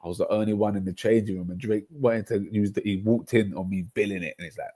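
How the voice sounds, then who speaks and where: A young man hosts a livestream, talking fast in a voice on the low side. He chats casually and rambles through animated stories packed with slang.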